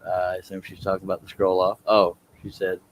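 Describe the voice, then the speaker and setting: A man chatting casually on a live stream while doing scroll saw work in a workshop, relaxed and self-deprecating, with a low, soothing voice. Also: fast talker, a little hiss or hum.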